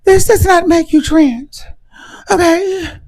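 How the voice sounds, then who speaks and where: A breathy, moaning falsetto figure in a wig, as a man puts it on, whispering each word out slowly and mockingly. The voice sits far above a man's own speaking range. It is a live-stream parody, exaggerated and sneering. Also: steady tone, a little mellow, full character voice. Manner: drawn-out, mocking.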